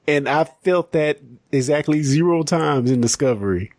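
A man hosting a podcast in casual chat, animated and chatty with many restarts and fillers. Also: a little high, moderate pace, no room sound, studio quality. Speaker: podcast host.

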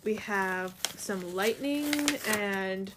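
A woman's voice: mid-range voice, drawn-out words, noisy background. A woman in casual chat, retelling a comic's story in a loose, filler-heavy way full of "like" and "um".

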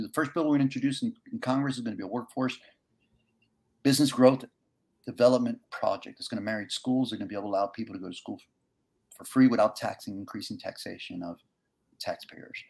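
A man with a rough, gravelly voice speaks with earnest conviction. He tells a gripping personal story, then lays out his political plans with building intensity and punchy repetition. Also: mid-range voice, fast. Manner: earnest, impassioned, rises to near-shouting. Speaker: congressional candidate. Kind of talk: emotional storytelling and campaign pitch.

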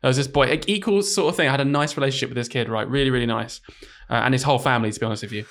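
A man's voice: mid-range voice, a bit bright. A man, a teacher, chatting casually as a podcast co-host and laughing along. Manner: laughs along, quick reactions.

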